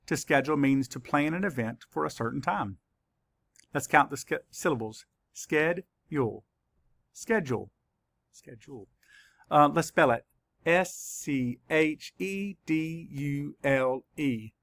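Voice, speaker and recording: A man teaching a spelling lesson to children, saying words slowly and spelling them out letter by letter. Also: fairly high pitch, a bit bright, no room sound. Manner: slow, careful letter-by-letter spelling.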